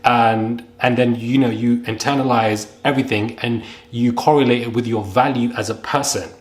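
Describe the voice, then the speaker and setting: A young man, speaking earnestly to camera while close to tears, halting and repeating himself. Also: mid-range voice, steady tone. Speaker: vlogger. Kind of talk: emotional to-camera commentary.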